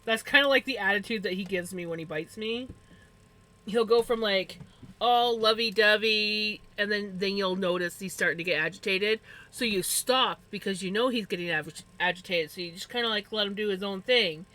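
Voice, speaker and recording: A woman streamer chatting casually while crafting, talking to her cats and telling animated stories about them. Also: medium pitch, moderate pace, low-quality recording. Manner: animated storytelling with playful voiced asides.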